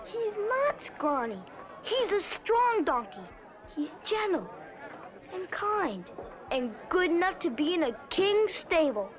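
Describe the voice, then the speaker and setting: A woman voicing a gentle, poor young boy in an animated film, soft-spoken and earnest. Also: very high-pitched, slow pace, crowd noise, full character voice. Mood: pleading.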